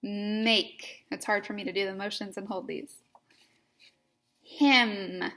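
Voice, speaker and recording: A woman teaching young children in a slow, clear, patient way, spelling words out letter by letter in a sing-song manner. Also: medium pitch, fairly even intonation, bright, forceful tone. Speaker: kindergarten teacher.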